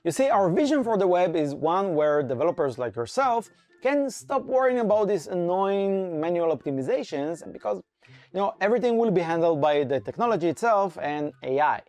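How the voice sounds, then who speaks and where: A man giving a scripted conference talk in an enthusiastic, playful, pitching manner, bantering with a co-presenter. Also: very animated, a little fast, a little mellow, dry recording, soft background music. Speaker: conference speaker and framework core team member.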